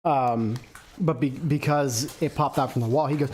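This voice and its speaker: A man's voice: medium pitch, fairly quick, a little mellow, a little hiss or hum. Crude, joking man streaming live. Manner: crude, joking, laughs often. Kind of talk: casual livestream chat.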